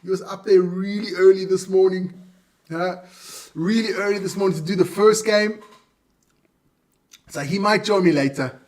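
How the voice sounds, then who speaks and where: A man's voice: high voice, moderate pace, pauses often, darkish tone, distant mic. A man hosting a live stream alone, chatting casually and stumbling over hard player names.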